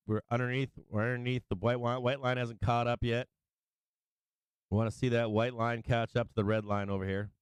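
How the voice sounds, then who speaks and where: Clear and resonant in the mid range, a middle-aged man gives casual live trading commentary, going over charts with frequent laughter, sing-song chanting and free swearing. The recording has no echo.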